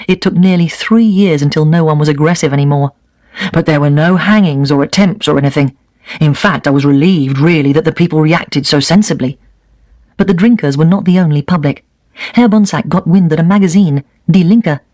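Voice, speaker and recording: A man reading a first-person memoir aloud at a steady, even pace. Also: fairly high pitch, no echo. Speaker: reader of a set text.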